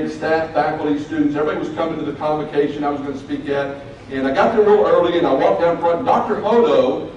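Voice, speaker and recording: Earnest motivational speaker in an echoey hall. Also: male voice, a little high, darkish tone, highs cut off. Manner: earnest, folksy, addresses audience directly. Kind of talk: motivational speech to students. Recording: very echoey, distant mic, faint noise.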